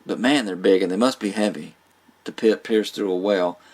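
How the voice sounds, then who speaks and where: A man's voice: fairly low pitch, brisk, a little mellow. A man giving a casual spoken movie review, rambling with fillers, restarts and small laughs. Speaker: film reviewer.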